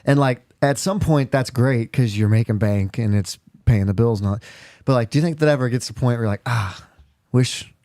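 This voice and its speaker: A man's voice: medium pitch, brisk, warm tone, no echo, clean studio sound. A man co-hosting a podcast, chiming in with short reactions and questions in casual chat. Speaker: podcast co-host.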